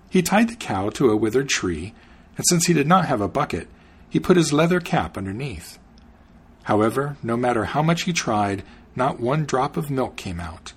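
A man hosting a podcast, reading a fairy tale aloud in an expressive storytelling manner. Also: medium pitch, normal speed, breathy edge. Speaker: podcast host and reader.

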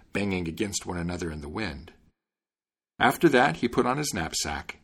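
A man narrating a fairy tale in an expressive, lively reading style. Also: lowish voice, breathy edge. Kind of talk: storybook narration.

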